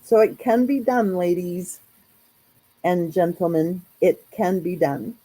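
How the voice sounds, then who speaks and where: A woman's voice: on the low side, slow, dark tone, breathy edge, rough recording. A woman hosting a casual live chat, talking in a chatty, rambling way with lots of fillers. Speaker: true crime channel host.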